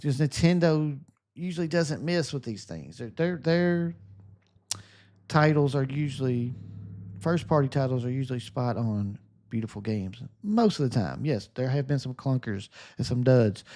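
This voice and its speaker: A man with a Southern US accent streams games and chats casually and upbeat, answering viewer comments in a sunny, relaxing voice. His voice is mid-range and darkish in tone, with lively intonation and a normal speed.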